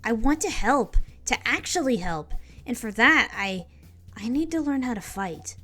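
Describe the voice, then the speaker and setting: A woman's voice: fairly high pitch, sing-song, measured pace, bright, forceful tone, faint music behind, voice pushed up, heavily acted. A woman putting on a pouty, stammering child. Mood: eager. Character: bratty, feisty young child fighter in training.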